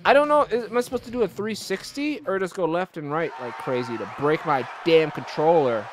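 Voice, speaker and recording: A man giving let's-play commentary on a video game, excitable, often shouting and swearing. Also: on the high side, a little fast, faint music behind. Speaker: gamer.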